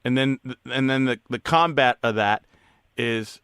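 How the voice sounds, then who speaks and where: A man's voice: mid-range voice, a little fast, a bit bright, clean tone, dry recording, clean studio sound. A man hosting a radio interview, chatting casually and telling stories in a chummy way. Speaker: radio host.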